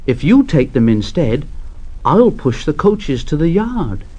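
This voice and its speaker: Man voicing a kind little engine, gentle and a touch higher than his own voice. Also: sing-song, takes it slowly, slightly rough, heavily acted. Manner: gentle, kindly.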